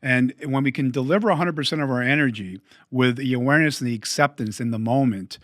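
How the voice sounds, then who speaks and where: A man hosting an interview podcast, asking questions and reflecting in a measured, coach-like way. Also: mid-range voice, no echo. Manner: measured, coaching tone, energy jargon. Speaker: podcast host.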